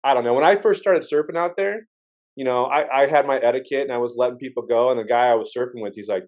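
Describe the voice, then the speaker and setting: Fast-talking rambling male host. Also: mid-range voice, darkish tone, muffled recording. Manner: rambling storyteller with many restarts and swearing. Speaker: podcast host. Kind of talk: casual chat.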